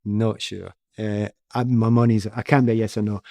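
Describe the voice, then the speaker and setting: A middle-aged Scottish man, a former footballer, telling stories in a lively, self-deprecating way. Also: lowish voice, normal speed, gravelly, dry recording, clean studio sound. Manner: animated, self-deprecating, with frequent restarts. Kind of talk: casual storytelling.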